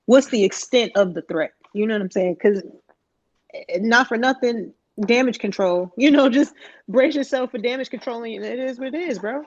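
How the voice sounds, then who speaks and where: A woman's voice: on the high side, normal speed, no room sound, dull audio. A woman co-hosting a casual podcast chat, talking in slangy, profane, rambling bursts. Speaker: podcast co-host.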